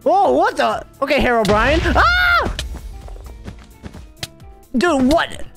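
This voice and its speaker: A young man giving playful, excitable gameplay commentary as a gaming channel host, teasing other players and breaking into high yelps. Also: normal speed, loud music behind the voice. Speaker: gaming YouTuber.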